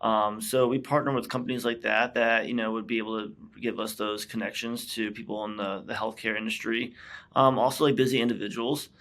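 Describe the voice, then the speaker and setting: A man's voice: fairly low pitch, flat delivery, a little fast, fairly bright tone. A middle-aged man, a company founder being interviewed, telling his story in a casual way with many fillers and restarts. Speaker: business founder, guest.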